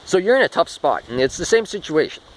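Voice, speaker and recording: A man's voice: on the high side, very animated, fast, a little hiss or hum, low-quality recording. A man talking through a rambling spoken monologue, restarting often and swearing casually. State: short of breath.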